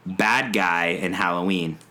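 A man on a casual podcast chat, telling a story as an animated, swearing rant. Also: low-pitched, slow. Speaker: podcast co-host.

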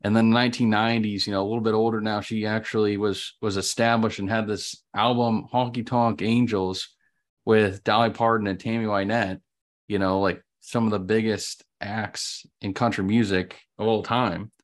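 Low-voiced podcast host from Ohio. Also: male voice, little pitch movement, normal speed. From Ohio, United States. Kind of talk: casual chat.

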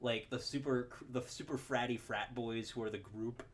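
A man with a mid-range voice co-hosts a relaxed podcast about films. He talks in an animated way, laughs often and keeps restarting his sentences. A faint hiss sits under the recording. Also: mid-range voice, moderate pace. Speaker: podcast co-host. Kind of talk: casual film discussion.

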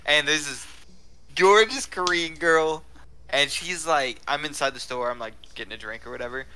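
A man's voice: on the high side, normal speed, sharp tone, slight background noise. A young man co-hosting a podcast, casually telling a joking story. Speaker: podcast co-host. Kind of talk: casual chat.

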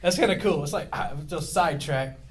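A middle-aged pastor with a fairly high, brisk voice preaches a sermon to his church congregation. He keeps rambling off on tangents and leans on self-deprecating humor.

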